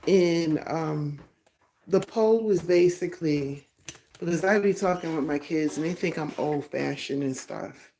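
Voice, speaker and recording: A woman's voice: low voice, unhurried, warm tone, a little hiss or hum. A middle-aged woman hosting a casual live stream on her phone, chatting loosely with viewers and laughing often. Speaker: livestream host. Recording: roomy echo.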